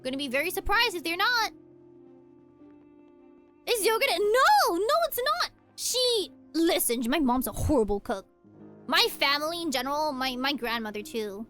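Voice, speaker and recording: Bright, lively young woman streamer. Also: sits high, normal speed, faint music behind. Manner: animated rambling storytelling with frequent laughs. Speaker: VTuber streamer. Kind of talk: casual chat while playing a game.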